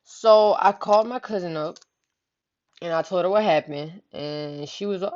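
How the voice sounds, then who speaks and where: A woman's voice: mid-range voice, expressive, measured pace. A woman with a mid-range voice tells a story in loose, rambling talk, heavy on slang and curse words. She keeps checking in with the listener as she goes. The recording is slightly muffled and lo-fi. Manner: slangy, profane, repeats "you know what I'm saying".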